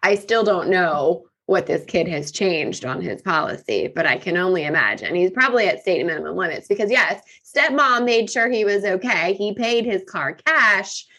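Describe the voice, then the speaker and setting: A woman's voice: mid-range voice, moderate pace, hardly any pauses. A woman in her forties hosting an insurance talk show, telling a family story in a casual chat and acting out the voices she quotes. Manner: animated, acts out quoted voices. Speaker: insurance podcast host.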